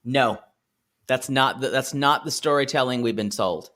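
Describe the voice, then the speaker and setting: A man's voice: medium pitch, normal speed, sharp tone. A man co-hosting a podcast, recapping a reality show in casual chat, snarky, laughing often and trailing off mid-sentence. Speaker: podcast co-host.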